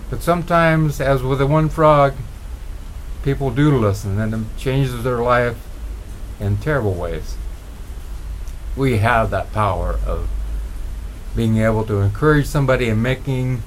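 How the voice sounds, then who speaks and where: A middle-aged man telling motivational stories in a relaxed, rambling way, with frequent restarts. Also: medium pitch, a little hiss or hum. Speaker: motivational speaker. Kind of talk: motivational storytelling.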